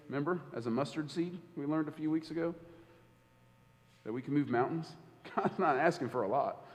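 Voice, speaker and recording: A man, a church elder, preaching a sermon, telling a personal story and acting out the quoted dialogue. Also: a little high. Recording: hall reverb.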